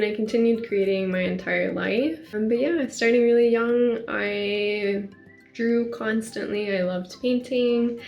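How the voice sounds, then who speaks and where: A woman's voice: mid-range voice, echoey room. A woman in her twenties from Northwest Arkansas, chatting casually to camera about herself as an artist, with plenty of "like" fillers. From Northwest Arkansas, USA. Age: 20s. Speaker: artist vlogger.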